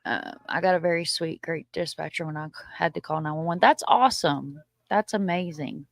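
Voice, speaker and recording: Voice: medium pitch, fairly quick, gravelly, dry recording, clean studio sound. A livestream host chatting casually with viewers, reading out and answering their comments, often agreeing with short repeated words and giving blunt opinions. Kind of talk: casual live chat reacting to viewer comments.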